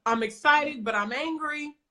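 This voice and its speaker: A woman's voice: high-pitched, a little slow, sharp tone, a little hiss or hum. A woman coach, telling a story in a blunt, emphatic way with some swearing, in a casual conversation. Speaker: business coach.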